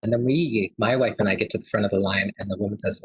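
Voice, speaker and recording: Sex: man. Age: 30s. Role: forum speaker. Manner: conversational, earnest. Sound: dry, husky. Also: lowish voice, quick pace, no room sound, rough recording. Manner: earnest, conversational, with frequent fillers. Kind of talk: storytelling lecture.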